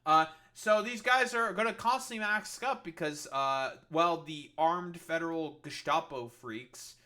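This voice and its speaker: Man, bright voice, sarcastic swearing rant, reaction stream commentary. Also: fairly high pitch, unhurried. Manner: heavy swearing, sarcastic and scornful; filler-heavy, restarts often. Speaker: political commentator reacting to news video.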